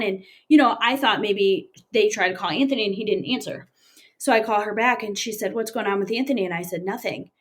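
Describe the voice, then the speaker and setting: A woman in her thirties tells her story in an interview, pausing often and filling the gaps with "um" and "like". Her voice sits at an everyday middle pitch. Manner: plain, halting retelling with frequent fillers. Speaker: interview guest.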